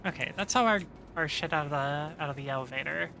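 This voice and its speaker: A woman streamer chatting casually with viewers while playing, relaxed and profane, rambling with lots of fillers. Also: low-pitched, fast, vocal fry, background noise. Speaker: game streamer. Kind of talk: casual stream chat reading viewer messages.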